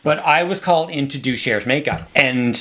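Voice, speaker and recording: A man's voice: mid-range voice, moderate pace, a bit bright. A man co-hosting a podcast, telling rambling stories in casual chat. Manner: chatty storyteller, rambling. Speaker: podcast co-host.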